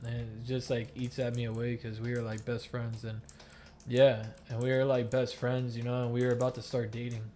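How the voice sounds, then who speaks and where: A man's voice: medium pitch, flat delivery, a little fast, warm tone. A young man from the Miami area telling a long personal story in game voice chat, rambling and emotional, swearing often with many fillers and restarts. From Miami area, United States. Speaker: gamer in voice chat, active soldier. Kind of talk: casual storytelling during gameplay.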